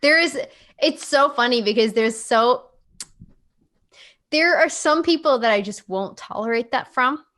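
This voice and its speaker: A woman's voice: on the high side, a little slow, fairly bright tone. Frank, outspoken woman from South Africa. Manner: frank, emphatic, swears casually. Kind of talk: casual chat.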